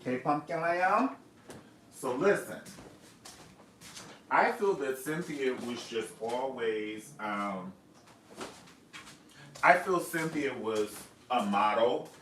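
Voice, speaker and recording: A man's voice: mid-range voice, fairly bright tone, a little hiss or hum. A man hosting a live reality TV review, talking in a sassy, campy, gossipy way. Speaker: host of a live review show.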